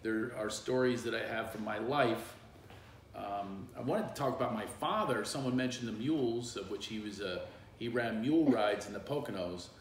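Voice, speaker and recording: A man's voice: fairly low pitch, moderate pace, slight background noise. Chatty middle-aged Philly man, roomy office. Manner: chatty and rambling, laughs often. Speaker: comedian and coach hosting a livestream. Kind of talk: casual storytelling on a livestream. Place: small office.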